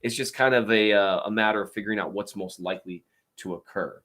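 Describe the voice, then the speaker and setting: A man's voice: on the low side, fairly even intonation. A man hosting a show, answering viewer questions in a rambling casual chat with many fillers and restarts. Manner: tries to talk louder and slower.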